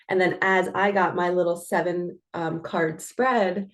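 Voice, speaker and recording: A woman's voice: fairly low pitch, steady tone, moderate pace, few pauses. A middle-aged woman, a spiritual coach, chatting casually and earnestly as she reads oracle cards, laughing now and then. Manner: chatty and earnest, laughs often, self-talk asides.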